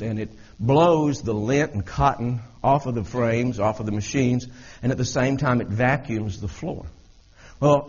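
Husky man telling a testimony. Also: medium pitch. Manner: earnest, repetitive storytelling. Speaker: speaker giving a testimony. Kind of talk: personal testimony storytelling. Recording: dull lo-fi recording.

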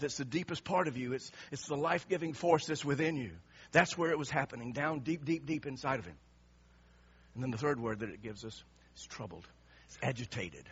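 Husky forceful preacher guy, passionate sermon, dull lo-fi recording. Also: fairly high pitch. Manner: impassioned, emphatic, repeating words. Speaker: pastor.

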